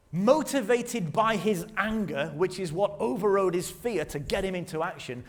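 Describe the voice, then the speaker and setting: A man with a high voice preaches a sermon in a church hall. His voice carries a long reverb. He talks in a lively, conversational way, asking the congregation plenty of rhetorical questions. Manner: leads the congregation in call-and-response. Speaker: pastor.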